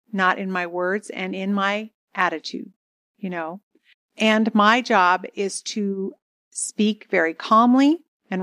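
A middle-aged woman tells a marriage story to an audience in an animated, dramatic way, with mid-range pitch. Her voice is recorded close and dry, with almost no room sound. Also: dry recording. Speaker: marriage seminar speaker.

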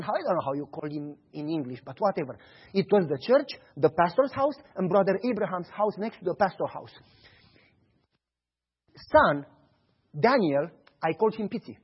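A man preaching a sermon, telling stories in an animated way and acting out the dialogue. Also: high voice, breathy edge, highs cut off. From Romania. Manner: animated storytelling, acts out dialogue.

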